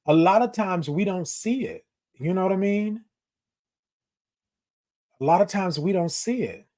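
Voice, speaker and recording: This live-stream host is a man in his forties whose voice is high, slightly slow, and somewhat mellow. He talks to his audience in a relaxed, affectionate way, saying things twice to drive them home.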